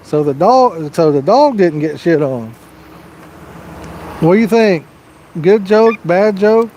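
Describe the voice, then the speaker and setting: A man's voice: high voice, expressive, takes it slowly, warm tone, a little hiss or hum. A man hosting a fishing livestream outdoors, chatting casually and telling a rambling joke with lots of "you know.". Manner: rambling, folksy storytelling with frequent "you know". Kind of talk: casual live-stream chat and joke telling. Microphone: personal microphone.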